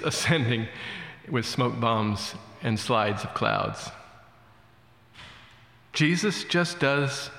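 A man preaching a sermon as a pastor, telling a story in a relaxed, conversational way with many fillers. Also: medium pitch. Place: church. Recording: echoey church hall.

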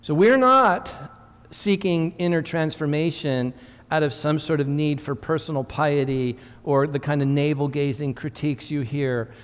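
A man's voice: a little high, steady tone, normal speed, a little mellow, clean tone. A man in his fifties preaching a sermon as pastor, in an earnest teaching tone with frequent restarts and asides. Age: 50s. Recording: reverberant hall.

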